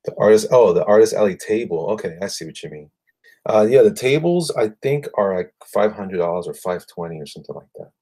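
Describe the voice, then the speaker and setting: A man's voice: on the low side, animated, fairly quick, mellow. A man chatting casually with viewers while drawing on a livestream, rambling and muttering to himself.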